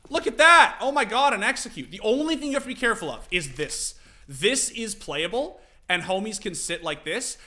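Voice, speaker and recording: A young man casually streaming, teaching game tactics to his chat, animated and profane. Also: on the high side. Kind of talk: casual livestream commentary.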